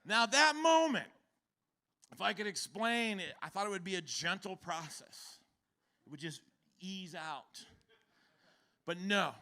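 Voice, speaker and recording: A man in his fifties doing stand-up, with a very bright, forceful tone and a slightly higher-than-average pitch. He tells the story in an animated way, acting out characters and breaking into loud shouted bursts. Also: a little slow, long pauses. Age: 50s. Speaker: stand-up comedian. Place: comedy stage before a live audience.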